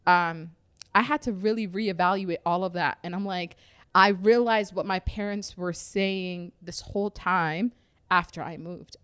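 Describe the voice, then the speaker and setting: A woman's voice: medium pitch, a bit bright, smooth, dry recording, clean studio sound. A woman, a podcast guest, telling her personal story in a reflective, conversational way with frequent fillers.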